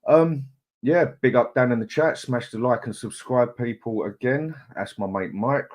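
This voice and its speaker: A man's voice: mid-range voice, moderate pace, darkish tone. A middle-aged man, hosting a casual live chat, greeting viewers in a chatty, laid-back way. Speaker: livestream host.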